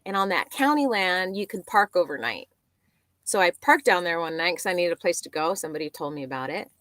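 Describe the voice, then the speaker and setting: A woman guest chatting casually, telling a story and acting out the dialogue in lively voices. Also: fairly low pitch, a little fast, no echo. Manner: animated, acts out quoted dialogue.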